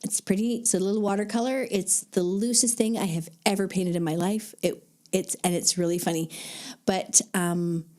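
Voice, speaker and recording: A woman's voice: medium pitch, fairly even intonation, normal speed, darkish tone. A woman artist and teacher chatting as a guest in a casual conversation, upbeat and easygoing. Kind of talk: casual chat.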